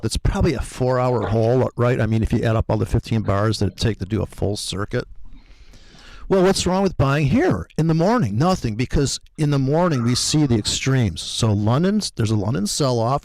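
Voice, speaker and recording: A man co-hosting as a trader launches into a heated, profane rant about trading, mocking other traders in animated talk. His mid-range voice has a darkish tone, with no echo.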